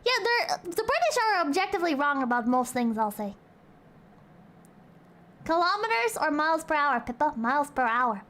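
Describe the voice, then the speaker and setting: A woman's voice: high-pitched, sing-song, normal speed, a bit bright. A young woman streamer in casual chat, reading out donations, playful and crude and rambling.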